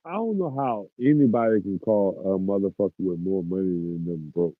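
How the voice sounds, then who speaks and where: A man hosting a casual podcast, loose and profane, who keeps circling back and repeating himself. His voice sits a bit low. It comes through a tinny, phone-like line with a dry, close sound. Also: animated, normal speed, hardly any pauses, no room sound. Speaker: podcast host.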